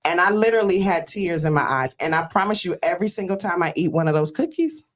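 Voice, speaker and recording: Low-voiced woman hosting a heartfelt show. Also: expressive, fast talker. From Detroit, USA. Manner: earnest, storytelling, with frequent fillers; exclaims praise like a church greeting. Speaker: host. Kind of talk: casual emotional talk-show hosting.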